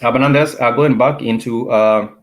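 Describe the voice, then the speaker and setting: A man hosting an online language class, chatting casually with viewers in a halting way, restarting his sentences often. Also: mid-range voice, fairly even intonation. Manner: hesitant, halting speech with many restarts.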